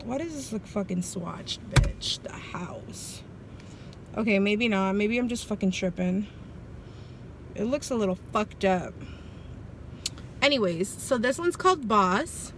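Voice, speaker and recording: A woman's voice: mid-range voice, animated, measured pace, long pauses. A young woman, chatting casually and bluntly through a shopping haul vlog with heavy swearing. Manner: profane, blunt and loose. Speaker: vlogger. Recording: faint background noise.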